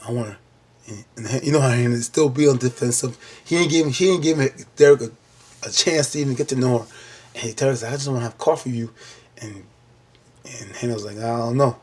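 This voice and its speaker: Animated husky man recapping a show. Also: medium pitch, normal speed, pauses often. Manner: animated storytelling with churchy exclamations and acted-out lines. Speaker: TV episode reviewer. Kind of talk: casual recap vlog.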